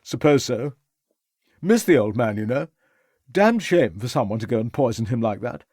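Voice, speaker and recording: A man's voice: mid-range voice, lively intonation, moderate pace, darkish tone, no room sound, studio quality, lightly acted. Man doing a tipsy, rambling young toff. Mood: breezy. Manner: slurring, chatty, self-pitying.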